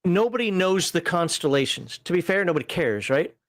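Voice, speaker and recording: A man co-hosting a relaxed tabletop gaming talk show, rambling with frequent laughs and fillers. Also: high voice, fairly quick, dry recording, studio quality. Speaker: podcast co-host reviewing a tabletop magazine. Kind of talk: casual chat.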